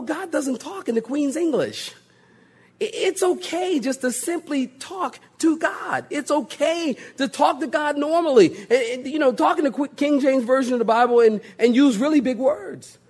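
A male pastor preaching a sermon, joking and mimicking pompous prayer voices, husky in tone. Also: extremely high pitch, moderate pace, few pauses, darkish tone.

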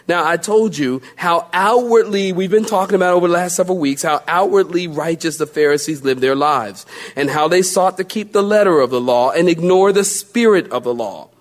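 A male pastor preaching a sermon, drawing out key phrases and mocking self-pity with playful put-on voices. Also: fairly high pitch. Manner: drawn-out emphatic phrases.

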